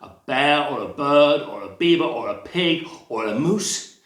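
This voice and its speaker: A man's voice: fairly high pitch, expressive, a little slow, fairly bright tone, reverberant, pitched below the performer's own voice. A man voicing a fussy, restless young bunny who complains about everything he tries. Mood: complaining. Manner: complaining, fretful.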